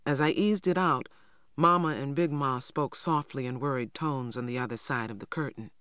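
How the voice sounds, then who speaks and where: An audiobook narrator reading a first-person novel in a measured, even storytelling manner. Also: medium pitch, clean tone, no echo, clean studio sound.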